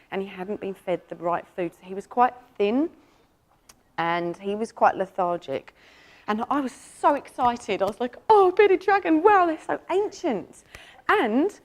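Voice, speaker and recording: An animal communicator, giving a lively, enthusiastic presentation and telling stories about pets to an audience. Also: female voice. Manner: animated, enthusiastic storytelling with sudden jumps up in pitch.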